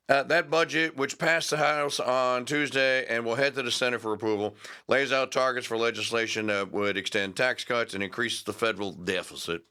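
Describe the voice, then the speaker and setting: A man's voice: mid-range voice, steady tone, moderate pace, pushed and bright, clean tone. A man hosting a talk show, reading news aloud with sarcastic, rambling asides and stalling with fillers while he hunts for names. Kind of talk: opinionated talk radio monologue.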